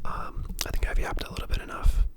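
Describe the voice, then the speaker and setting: A person in their twenties whispering a casual ASMR ramble at home, chatty and full of fillers. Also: fast. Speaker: ASMR creator and dental student.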